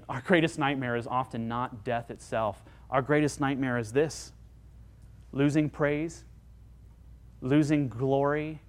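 Earnest man preaching a sermon. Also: fairly high pitch. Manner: earnest, dynamic preaching that swings between emphatic and hushed. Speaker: pastor.

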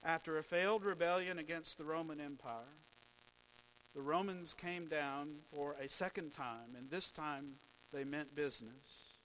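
A man preaching a sermon as pastor, telling stories in a slow, measured way with dry humor. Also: fairly high pitch, steady tone, fairly bright tone, slight background noise, rough recording.

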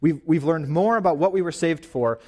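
A young man in his twenties giving an informal, animated sermon at church, pacing and gesturing as he talks. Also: fairly high pitch, a little fast. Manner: paces and gestures while preaching, animated and informal. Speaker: young preacher.

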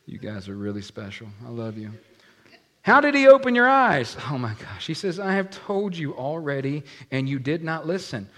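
A man's voice: medium pitch, normal speed, long pauses. A man preaching a sermon to a congregation, acting out the voices in the scripture story and asking the room questions. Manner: animated, acts out scripture voices, talks to the congregation. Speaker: pastor.

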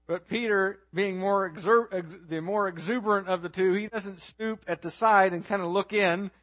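Male preacher, high voice, dramatic storytelling sermon with hushed lows and loud peaks. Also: moderate pace. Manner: asks listeners to imagine the scene.

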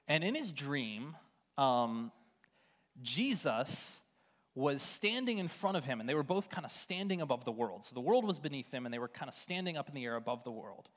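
An earnest young man preaches to a congregation, his voice sitting a little high and swinging widely as he goes. He stumbles over and repeats words when moved, and carries the talk like a missionary's farewell sermon. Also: fairly bright tone. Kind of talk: sermon-style storytelling and exhortation.

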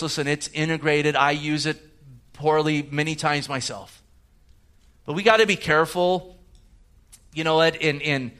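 A man's voice: on the high side, sharp tone. A man preaching a sermon in a conversational way, with frequent restarts and asides as he explains scripture. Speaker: pastor.

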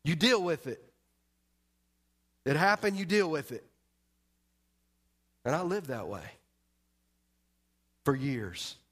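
A man's voice: on the high side, big pitch swings, slow pace, pauses often, a bit bright. A man preaching a sermon as pastor, telling a personal story with emphasis and speaking straight to the congregation.

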